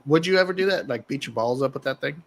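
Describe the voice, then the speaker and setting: A man's voice: mid-range voice, expressive, fast talker, fairly bright tone, rough recording. A man hosting a casual podcast chat, joking crudely with his co-hosts and often restarting his sentences. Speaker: podcast host.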